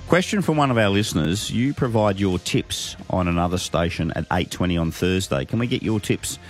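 An Australian man hosting a breakfast radio show, brisk and affable as he hands over and wraps up. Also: low voice, lively intonation, faint music behind. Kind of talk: radio chat.

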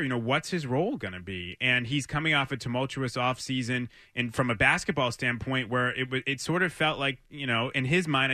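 A man co-hosting a sports talk radio show, giving articulate, measured analysis. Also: medium pitch, bright, forceful tone, no echo, clean studio sound.

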